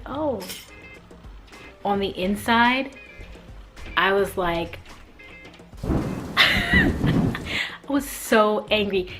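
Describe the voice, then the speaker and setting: A young woman from the Mid-US telling a casual storytime vlog, animated and acting out quoted lines with big jumps in her voice. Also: mid-range voice. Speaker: vlogger.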